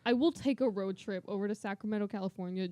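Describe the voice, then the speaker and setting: A young woman co-hosting a podcast in casual chat, animated and enthusiastic, giggling often. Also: mid-range voice, quick pace, no room sound, clean studio sound. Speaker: podcast co-host.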